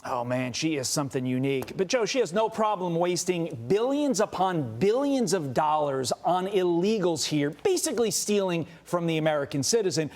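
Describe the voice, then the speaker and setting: Male TV co-host, high and very animated pitch, wry teasing banter. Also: moderate pace, few pauses. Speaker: morning news co-host. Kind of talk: cable news banter.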